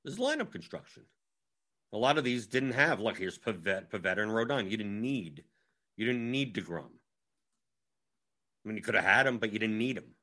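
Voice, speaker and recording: Brief: male analyst, bright forceful tone, brisk matter-of-fact lineup breakdown. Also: on the low side, expressive. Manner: brisk and matter-of-fact, talking while scrolling through lineups. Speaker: daily fantasy baseball analyst.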